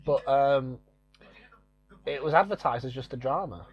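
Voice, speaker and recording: A man's voice: medium pitch, measured pace, breathy edge, muffled recording. A man chatting through a film commentary, joking and laughing often. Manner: jokey, laughs often, slips into silly put-on voices. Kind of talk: casual comedic film commentary.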